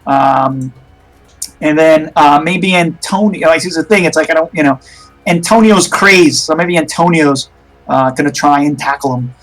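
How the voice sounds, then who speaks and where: A man's voice: a little high, normal speed, a bit bright, faint music behind, rough recording. A man running a tabletop horror game as game master, narrating in a rambling way with many restarts.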